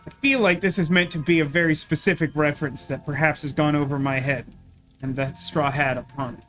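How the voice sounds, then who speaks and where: A man's voice: on the high side, fairly even intonation, fairly quick, a bit bright, soft background music. A man giving casual gameplay commentary with self-deprecating asides. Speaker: let's play gamer.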